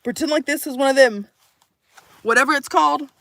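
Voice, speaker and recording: A woman telling a story to her live audience in a casual, animated way, swearing and acting out the voices in it. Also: high-pitched, brisk, vocal fry.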